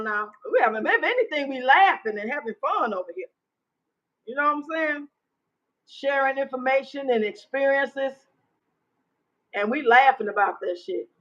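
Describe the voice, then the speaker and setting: A woman in her fifties hosting a casual live chat, loud, blunt and profane. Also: on the high side, highs cut off. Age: 50s. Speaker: livestream host.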